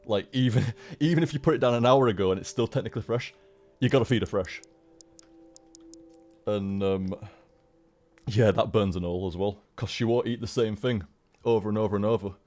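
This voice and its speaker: A man chatting casually on a live stream, rambling with halting restarts and frequent swearing. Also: lowish voice, a little mellow, faint music behind.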